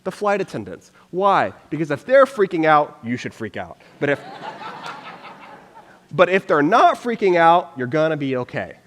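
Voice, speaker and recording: A man's voice: a little high, sing-song, unhurried, fairly bright tone, in a large hall. A man giving a casual, chatty sermon as pastor, acting out people's reactions and filling his talk with "like". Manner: chatty, lots of "like", acts out reactions.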